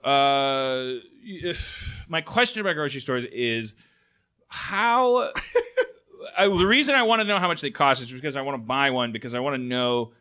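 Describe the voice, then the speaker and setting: A man's voice: medium pitch, animated, normal speed, sharp tone, smooth. A man hosting a live comedy podcast, riffing in a rambling, profane way with many restarts. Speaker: podcast host.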